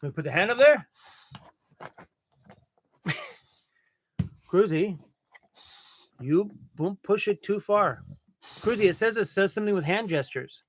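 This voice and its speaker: A man's voice: high-pitched, lively intonation, a little slow, pauses often, slight background noise. A man chatting casually on a live stream from a workshop, laughing and calling everyone bro, with a dog close by. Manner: laid-back, laughing, calls everyone bro. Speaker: van-life live streamer.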